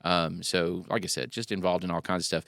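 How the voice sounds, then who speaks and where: Man, talk show host, very deep, gravelly, dry close sound, casual joking chat. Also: fairly even intonation, brisk, a bit bright, no echo. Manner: friendly, joking, rambling with fillers. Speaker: podcast host.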